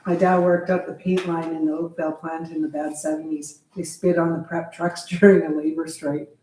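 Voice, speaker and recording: A woman's voice: sits low, flat delivery, moderate pace. A woman co-hosting a live car stream who reads viewer comments aloud in a dry, matter-of-fact way. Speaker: co-host reading viewer comments. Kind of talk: casual live chat. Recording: roomy, distant mic with faint hiss.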